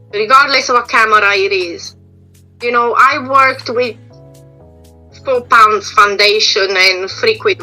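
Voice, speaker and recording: Bright-voiced woman giving frank advice. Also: mid-range voice, low-quality recording. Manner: explanatory, frank, restarts phrases. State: losing her voice. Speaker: makeup and prosthetic artist guest. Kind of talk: casual interview answers.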